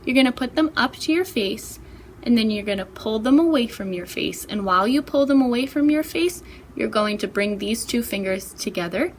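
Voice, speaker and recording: A woman's voice: a little high, expressive, normal speed, slight background noise. Woman patiently teaching baby signs. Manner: patient, clear, repetitive directions. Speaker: children's librarian. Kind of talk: step-by-step baby sign instruction.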